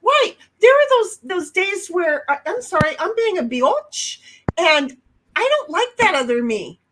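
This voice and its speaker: A high-pitched woman chatting on a casual home livestream. She is blunt and brash, swears freely, and now and then bursts out loud to make a point. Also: very animated, a little slow, background noise. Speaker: livestream co-host. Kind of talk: casual chat.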